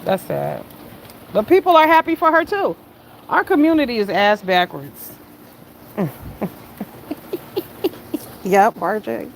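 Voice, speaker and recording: A woman around fifty chatting casually with her livestream viewers, swinging between loud exclamations and low mutters. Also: very animated, slow pace, gravelly, long pauses, slight background noise. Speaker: livestream host.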